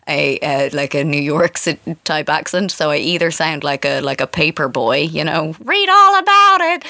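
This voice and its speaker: A woman's voice: deep voice, creaky, fairly bright tone, dry recording. A woman in her thirties with an Irish accent, hosting a casual solo podcast in a chatty, self-mocking way. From Ireland. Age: 30s. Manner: chatty and self-mocking, with many fillers and asides. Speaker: podcast host.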